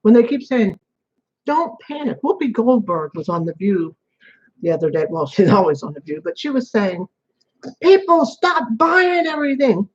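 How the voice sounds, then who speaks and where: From an apartment, a vlogger chats casually to the camera in a husky, slightly breathy, mid-range voice that's animated, a little fast and a bit mellow, wandering between points and repeating phrases. The indoor home recording sounds dull and lo-fi, like a built-in camera mic.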